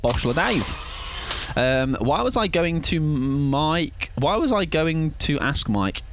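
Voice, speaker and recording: A man chatting away on a game stream, playful and rambling with frequent little chuckles. His pitch swings all over the place, and faint ambience hums in the background. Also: sing-song, slow, background noise. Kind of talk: casual live-stream chat while gaming.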